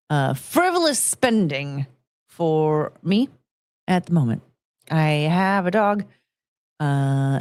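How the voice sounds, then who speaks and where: A woman with a fairly low voice chats casually on a live stream, recorded at studio quality with no echo. She rambles, often pokes fun at herself, and greets her chat in a sing-song lift.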